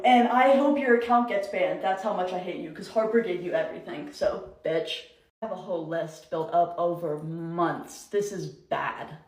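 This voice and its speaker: A woman's voice: mid-range voice, a little mellow. A young woman who is an influencer, angrily ranting and swearing through a storytime video. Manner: angry, profane, emotional rant. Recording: echoey room.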